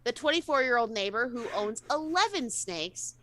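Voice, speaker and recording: Give me a woman reading quirky news items aloud for a casual chat show. Her voice is sharp and forceful, pitched a little high. She stumbles and corrects herself as she reads. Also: animated, moderate pace, low-quality recording. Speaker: co-host reading news stories.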